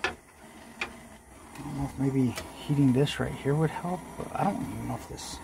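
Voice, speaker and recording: Against a noisy background, a man with a creaky, medium-pitched voice talks at normal speed. The jewelry vlogger casually explains his casting in a home workshop, frequently saying "guys" and being self-deprecating.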